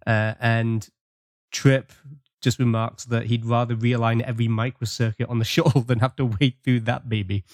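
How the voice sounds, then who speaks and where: A man's voice: medium pitch, dry recording, studio quality. A man co-hosting a podcast in casual chat, enthusiastic and breaking into small laughs as he recaps. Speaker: podcast co-host.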